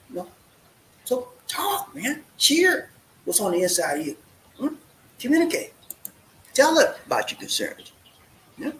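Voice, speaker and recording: A man's voice: high-pitched, fairly bright tone. A man giving relationship advice in a casual talk, full of rhetorical questions and repeated "man". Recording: echoey room with faint noise.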